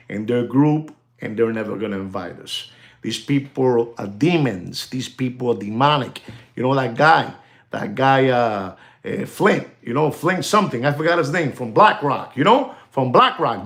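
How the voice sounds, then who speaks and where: Male livestream host, gravelly voice, animated and conspiratorial, mid pitch. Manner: animated, repetitive, switching into Spanish; conspiratorial, addresses viewers directly. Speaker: live stream host. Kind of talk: casual livestream monologue.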